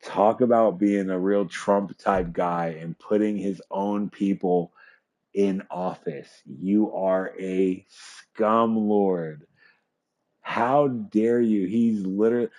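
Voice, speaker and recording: A man's voice: on the low side, steady tone, slow pace, a little mellow. A man hosting a livestream and commenting casually, rambling with lots of fillers, swearing and chuckling. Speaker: streamer and show host.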